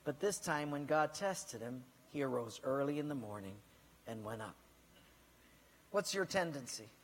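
A man's voice: medium pitch, expressive, unhurried, big-room sound. A man preaching a sermon as pastor, asking the congregation direct questions and telling stories.

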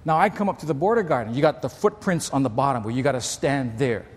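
A man's voice: mid-range voice, fast, husky. A man preaching a sermon as a story, talking conversationally with rhetorical questions and repeated words. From Hawaii. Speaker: pastor. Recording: long reverb of a large hall.

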